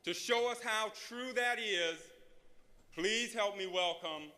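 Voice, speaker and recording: A man with a high, bright, forceful voice gives a formal prepared introduction at a slow, deliberate pace. He speaks as a law professor in a large auditorium, and his words ring out with a long hall reverb. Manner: slow, measured, deliberate phrasing.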